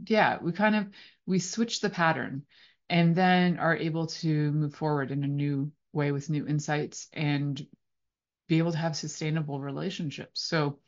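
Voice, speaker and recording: A woman's voice: deep voice, a little slow. A woman hosting a podcast, musing on relationships in a rambling way with many fillers. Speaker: podcast host. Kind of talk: reflective relationship talk. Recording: slightly dull lo-fi audio.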